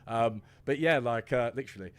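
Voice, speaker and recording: A man's voice: mid-range voice, brisk, crowd noise. A man, a guest talking through an economics idea in a loose, rambling way with restarts and fillers. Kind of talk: casual discussion.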